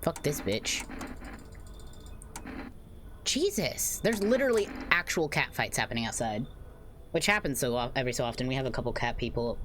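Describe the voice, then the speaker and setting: A woman's voice: a bass voice, very animated, moderate pace, pauses often, a bit bright, a little hiss or hum. A young woman streaming a game, chatting casually, swearing and sounding exasperated.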